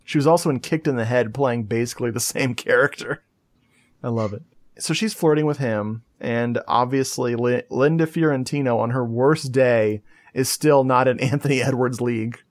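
Man, podcast host, mid-pitched voice, casual movie chat, laughs a lot, chatty storytelling. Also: moderate pace.

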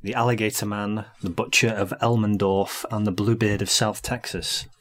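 A man's voice: lowish voice, level tone, normal speed, fairly bright tone. A man co-hosting a podcast, chatting casually about movies with short, laid-back replies. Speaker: podcast co-host.

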